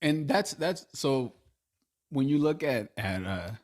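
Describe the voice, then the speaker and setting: A man's voice: mid-range voice, lively intonation, slow. A man co-hosting a podcast in casual sports chat, teasing with slang and laughing often. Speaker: podcast co-host.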